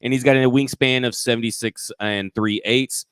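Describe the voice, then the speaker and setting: A man's voice: mid-range voice, steady tone, moderate pace, fairly bright tone, clear, resonant tone, no echo, studio quality. A man co-hosting a live football podcast, reeling off prospect measurements with eager enthusiasm and the odd stumble over his words. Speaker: sports podcast co-host. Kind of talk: casual live show chat.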